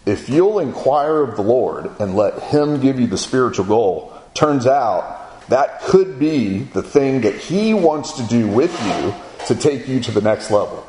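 A middle-aged man preaching in a conversational way, acting out his son's and others' lines in a higher voice. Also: animated, a little slow, mellow, echoey room, rough recording. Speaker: speaker at a men's gathering. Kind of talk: sermon-style storytelling.

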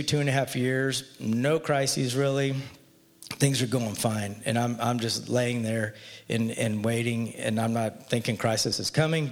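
In a relaxed, chatty manner, an earnest man shares a personal story about his faith. His pitch is an ordinary middle range, and a long reverb trails the audio as though it were captured in a big hall.

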